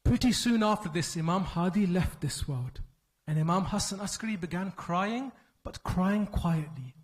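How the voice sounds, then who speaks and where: A man giving an emotional mourning sermon at a religious gathering, telling the story in a slow, solemn, mournful way. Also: high voice, expressive, rough recording.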